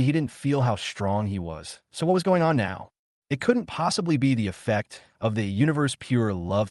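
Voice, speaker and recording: A man narrating a comic recap story in a steady, scripted storytelling way. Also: medium pitch, no echo, studio quality.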